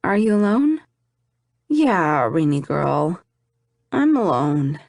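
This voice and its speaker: A warm-hearted young man, read by a female audiobook narrator, gentle and playfully teasing as he comforts a friend. The reading is dry and close-miked. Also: deep voice, very animated, slow pace, no room sound, exaggerated voice.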